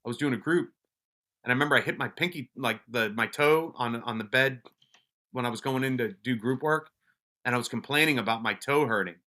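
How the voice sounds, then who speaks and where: A man with a bright, forward voice tells stories in a casual, offhand way. He is blunt and swears freely, often breaking off and restarting sentences mid-thought. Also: medium pitch, fairly quick. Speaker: podcast guest, police officer and wellness advocate. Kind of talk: casual storytelling.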